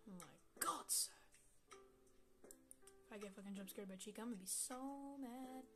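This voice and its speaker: Excitable cursing woman gaming commentator. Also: mid-range voice, normal speed, music in the background. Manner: excitable, swears, talks to the game characters. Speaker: gameplay commentator. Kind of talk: casual let's-play commentary.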